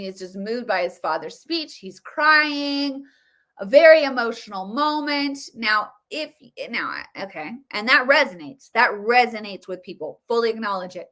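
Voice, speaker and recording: A woman's voice: medium pitch, fairly bright tone. A woman giving casual political commentary, emphatic and repeating her points. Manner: emphatic, repetitive.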